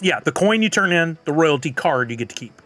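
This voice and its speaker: A man's voice: a little high, expressive, brisk, a bit bright, soft background music. A man streaming live, chatting casually and answering viewers' comments. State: has the hiccups.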